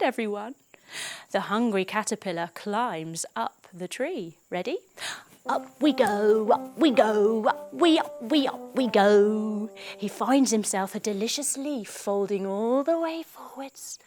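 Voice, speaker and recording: A young adult woman teaching yoga to children through a story, playful and sing-song, adding silly sound effects. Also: fairly high pitch. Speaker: kids yoga instructor.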